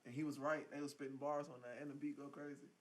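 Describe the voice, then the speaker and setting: A man co-hosting a casual podcast, chatting and cutting in with quick jokes. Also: fairly high pitch, level tone. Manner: fast, joking interjections. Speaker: podcast co-host. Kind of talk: casual chat.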